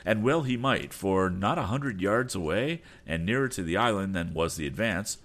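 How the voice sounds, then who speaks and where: A man reading a storybook aloud as a podcast host, expressive and animated. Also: low voice, normal speed, hardly any pauses. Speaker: audiobook narrator and podcast host. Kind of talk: storybook narration. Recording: faint background music.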